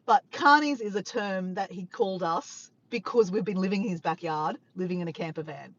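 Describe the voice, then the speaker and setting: A woman vlogger telling a funny story to her viewers, animated and laughing, swearing freely. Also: mid-range voice, fairly quick, lo-fi sound, slight background noise. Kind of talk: casual storytelling to camera.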